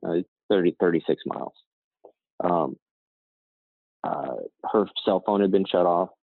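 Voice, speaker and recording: Deep-voiced man telling a story, tinny. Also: unhurried, no room sound. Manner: rambling, frequent "right?" and "you know" asides. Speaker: nonprofit co-founder and CEO, guest. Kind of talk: conversational storytelling interview. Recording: dry, tinny phone-like line.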